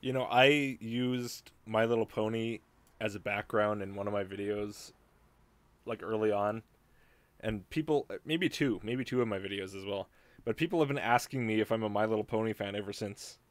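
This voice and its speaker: A man with a low voice chats casually and drops dry, teasing remarks. His voice is recorded close and dead, with no room sound. He talks at an easy pace. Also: moderate pace, no room sound. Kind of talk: casual chat.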